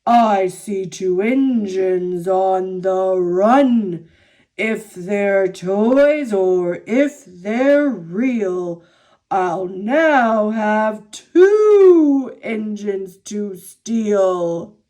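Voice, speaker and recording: A woman reading aloud, dropping into a slow, rumbling storybook giant, big and greedy, his voice booming low and heavy and spoken far slower than normal talk, with a grainy, gruff color unlike her own. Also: animated, warm tone. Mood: menacing. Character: huge booming male giant, menacing and greedy.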